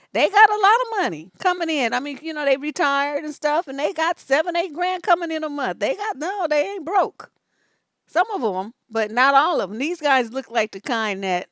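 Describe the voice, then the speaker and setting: Give me an animated, cheeky older woman commenting on a live stream with a fairly high voice. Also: dry recording, studio quality. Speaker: relationship coach.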